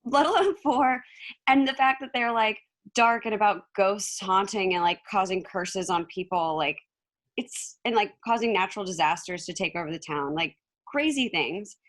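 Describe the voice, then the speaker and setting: A woman co-hosting a casual podcast chat, her voice hoarse from screaming, talking in a giggly, rambling way. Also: mid-range voice, normal speed, fairly bright tone. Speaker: podcast co-host.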